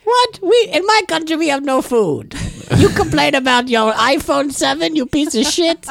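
A man putting on a ranting, high foreign accent. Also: very animated, moderate pace, vocal fry, fairly bright tone, heavily acted. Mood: indignant ranting. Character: shouting foreign man scolding spoiled Americans.

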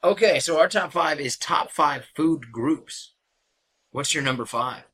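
A man's voice: a little high, animated, unhurried, fairly bright tone, breathy edge. A young man from Kansas co-hosting a podcast, chatting casually with a dry, sarcastic edge and frequent swearing. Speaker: podcast co-host. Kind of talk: casual chat.

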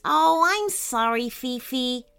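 Woman doing a spirited young girl, storybook; high, eager, bright and swooping. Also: expressive, takes it slowly, gravelly, clean tone, faint music behind, heavily acted. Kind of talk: children's storybook reading.

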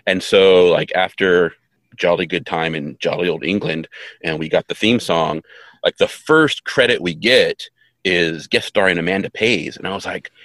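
A man's voice: deep voice, normal speed, fairly bright tone, dry recording. A man in his fifties co-hosting a podcast, chatting casually and wryly about an episode with offhand asides and trivia. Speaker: podcast co-host. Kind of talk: casual chat recapping an episode.

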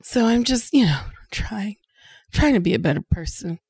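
Lively, animated woman podcast guest. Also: mid-range voice, moderate pace, slightly rough, dry recording. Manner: animated, self-deprecating, laughs easily. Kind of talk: casual podcast chat.

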